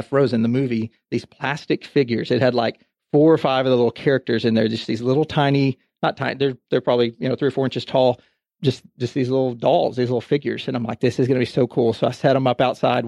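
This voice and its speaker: A man's voice: mid-range voice, gravelly, dry recording, clean studio sound. A man in his thirties, co-hosting a podcast, chatting casually and acting out voices as he tells stories. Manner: animated storyteller, acts out voices. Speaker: podcast co-host. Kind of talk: casual chat.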